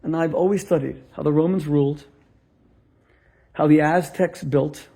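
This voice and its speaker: Gravelly, animated rabbi telling a story. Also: male voice, on the high side, moderate pace. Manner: animated storyteller acting out both sides of a dialogue, punchlines with laughs. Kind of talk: storytelling sermon to a live audience.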